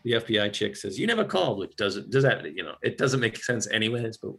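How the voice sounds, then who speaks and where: A man's voice: lowish voice, fairly quick. A man hosting a casual chat, recapping film scenes with laughter and quoted lines. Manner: animated, laughing, acts out quotes.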